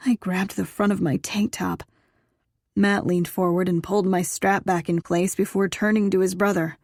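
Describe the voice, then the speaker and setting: A woman narrating a first-person audiobook in an unhurried, intimate way. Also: on the low side, flat delivery, gravelly, a little mellow, no room sound, clean studio sound.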